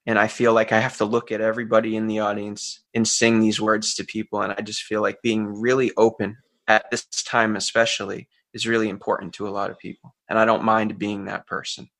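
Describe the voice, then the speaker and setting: Brief: man, middle-aged folk singer guest, bright and gravelly, open and reflective. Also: on the low side, little pitch movement, a little fast, few pauses. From Central Massachusetts. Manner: earnest, open, laughs easily, thinks aloud. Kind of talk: relaxed reflective interview talk.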